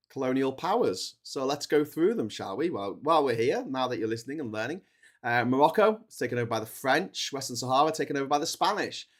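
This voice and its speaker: A man hosting a livestream, talking casually through history with lots of fillers and restarts, and reeling off a list of countries. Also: medium pitch. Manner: lively country-by-country list with a rising voice. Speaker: livestream host.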